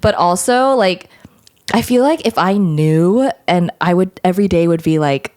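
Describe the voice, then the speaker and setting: A woman's voice: on the low side, normal speed, darkish tone. A young adult woman, a podcast guest in casual chat, supportive and asking follow-up questions.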